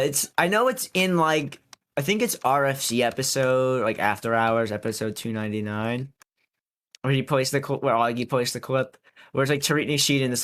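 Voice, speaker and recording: A man's voice: medium pitch, fairly bright tone. A young man on a podcast, talking in a rambling, casual way with lots of filler words and swearing. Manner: rambling, filler-heavy and profane. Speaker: podcast co-host.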